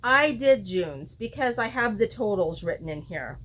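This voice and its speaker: A woman's voice: medium pitch, lively intonation, moderate pace, a bit bright. A woman hosting a crochet vlog, chatting casually and thinking aloud, often questioning herself mid-sentence. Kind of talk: casual show-and-tell chat.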